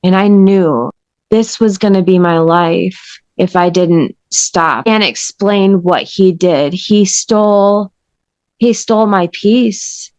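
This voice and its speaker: A woman appearing as a podcast guest tells her story in an interview, earnest and emphatic, with an intense, conversational retelling. Her mid-range voice is a little mellow, she takes it slowly, and there's no echo.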